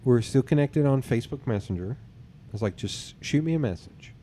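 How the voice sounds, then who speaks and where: A podcast host tells his own dating stories in a casual chat, voice at medium pitch and moderate pace, with a little hiss or hum in the background. He's an animated storyteller who acts out what other people said and swears casually.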